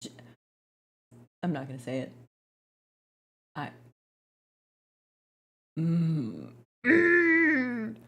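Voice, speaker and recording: A woman's voice: a bass voice, big pitch swings, drawn-out words, long pauses, dark tone. Giggly, rambling young woman streamer. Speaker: gaming streamer. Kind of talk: casual live-stream chat while gaming.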